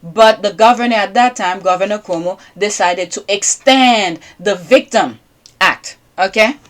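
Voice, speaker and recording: A woman who speaks English as a second language hosts her own podcast in a loose, rambling commentary. She keeps pausing to ask her listeners "okay?" while her voice sits at an ordinary middle pitch. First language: not English. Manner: rambling, checks in with repeated "okay?". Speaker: podcast host. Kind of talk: casual commentary monologue.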